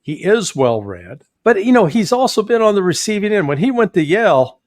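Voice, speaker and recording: A man's voice: high-pitched, very animated, fairly quick, dry recording, clean studio sound. A man with a Midwestern American accent, a guest commentator with a folksy, sardonic manner and frequent chuckles.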